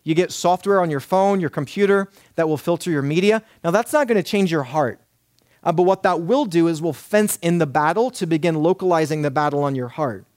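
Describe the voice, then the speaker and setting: Earnest man preaching, slightly high voice. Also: a little fast, a little mellow, no echo, clean studio sound. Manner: earnest, emphatic preaching with repeated lists. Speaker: pastor. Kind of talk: sermon.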